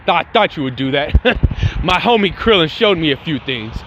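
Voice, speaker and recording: A man casually narrating a made-up story in a slangy, animated way, breaking into fight sound effects. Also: fairly high pitch, measured pace, a little hiss or hum. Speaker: fan channel host.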